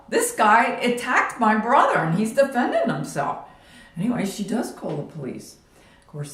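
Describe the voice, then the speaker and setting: A woman retelling a personal memory in a vivid, animated way, acting out moments with sound effects. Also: fairly low pitch, echoey room. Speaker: storyteller. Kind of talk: personal storytelling vlog.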